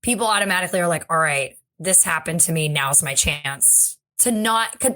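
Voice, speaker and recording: Lower-voiced woman thinking aloud. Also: normal speed, bright, forceful tone. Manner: thoughtful, thinking aloud with restarts. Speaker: podcast co-host. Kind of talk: casual conversational discussion.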